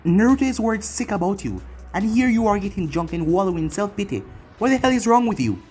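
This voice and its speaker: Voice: mid-range voice, sing-song, fast talker, darkish tone, slightly rough, faint music behind. Narrator doing an exasperated female ninja teacher. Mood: irritated. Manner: scolding, exasperated.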